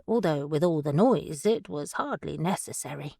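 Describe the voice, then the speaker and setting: A woman narrating an audiobook in a measured, even storytelling manner. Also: low voice, gravelly, slightly rough, no echo, studio quality. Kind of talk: scripted narration.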